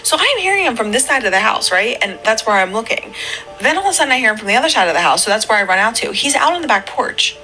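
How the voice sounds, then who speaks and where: Bright-voiced mom telling a creepy story. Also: female voice, fairly high pitch, big pitch swings, quick pace, faint music behind, low-quality recording. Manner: rambling, filler-heavy talk. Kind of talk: casual storytelling.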